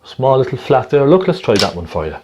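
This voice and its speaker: A man's voice: mid-range voice, sing-song, fairly quick, slight background noise. Chatty man teaching painting. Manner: gentle, chatty, keeps checking in with the viewer. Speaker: painting instructor. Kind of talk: step-by-step painting demonstration.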